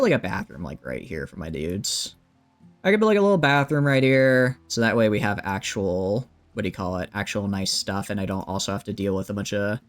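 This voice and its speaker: Male streamer, lively chatty commentary with a swinging voice, faint game music behind. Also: lowish voice. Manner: chatty, thinks aloud, greets chat. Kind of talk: casual gameplay commentary.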